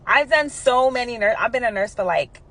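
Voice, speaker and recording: A woman in her thirties recounting her own story straight to her viewers, chatting in a relaxed way with many asides. She keeps checking in with the listener as she goes. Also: fairly high pitch, fairly quick. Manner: conversational, with frequent asides and "right?" check-ins. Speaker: nurse telling a personal story. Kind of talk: casual storytelling to camera.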